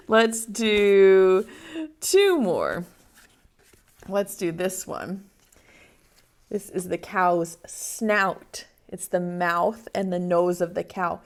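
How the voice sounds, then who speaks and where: A woman teaching an online preschool class in a slow, sing-song, encouraging voice, leading a song and a memory game. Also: mid-range voice. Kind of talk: children's circle-time lesson.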